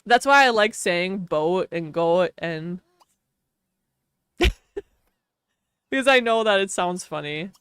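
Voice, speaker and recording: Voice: medium pitch, animated, takes it slowly, long pauses, a bit bright, clean tone, no room sound, clean studio sound. A young adult game streamer with a strong Wisconsin Midwestern accent, chatting casually and playfully mocking their own way of talking.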